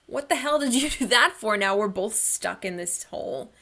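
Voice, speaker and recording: A woman voicing a desperate man stuck in a hole, pleading loudly for help in a told story. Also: medium pitch, animated, moderate pace, vocal fry, full character voice.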